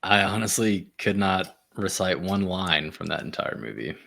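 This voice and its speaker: A man co-hosting a podcast in casual chat. His voice sits low, and he walks through a story in a plain, steady way. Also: moderate pace, creaky. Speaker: podcast co-host. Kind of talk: casual chat, plot summary.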